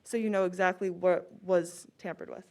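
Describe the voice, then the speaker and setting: A woman's voice: on the low side, steady tone, normal speed, a little mellow. Casual young woman giving a tech talk. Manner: casual, with fillers like "like" and "uh". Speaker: student presenter. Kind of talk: conference talk.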